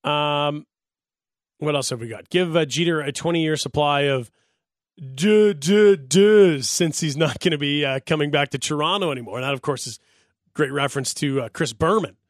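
Give me a joking, animated male sports radio host, slightly high, on a dry studio mic. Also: brisk, dry recording. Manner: joking, animated, laughs often. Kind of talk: sports talk radio chat. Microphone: studio microphone.

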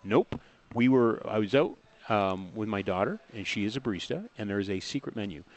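Lively, fast-talking male radio host. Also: fairly low pitch. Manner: jokey, teasing, animated. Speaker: radio sports show host. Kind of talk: casual radio banter.

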